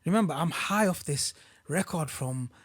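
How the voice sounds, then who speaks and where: Lively young man. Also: a little high, moderate pace, slightly rough. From Oldham, England. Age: young adult. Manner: animated storyteller who acts out other people's words. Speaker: podcast guest. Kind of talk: casual chat.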